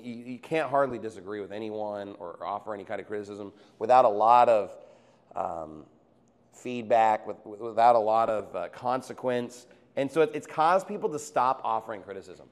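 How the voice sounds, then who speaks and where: A male pastor preaching a sermon in a conversational way, reading scripture and acting out everyday quotes. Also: medium pitch.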